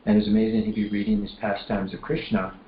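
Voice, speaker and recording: A man's voice: lowish voice, level tone, quick pace. A man telling devotional stories at a class in a loose, rambling way, full of fillers and restarts. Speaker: speaker at a temple class. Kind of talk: casual storytelling class. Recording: roomy echo, dull lo-fi, faint room noise.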